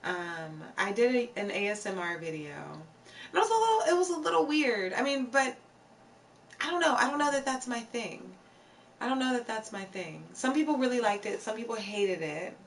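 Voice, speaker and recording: A woman's voice: a little high, big pitch swings, moderate pace, distant mic, a little hiss or hum. A woman hosting a live stream, chatting casually with viewers in a playful, giggly way, reading their comments aloud and repeating phrases for emphasis.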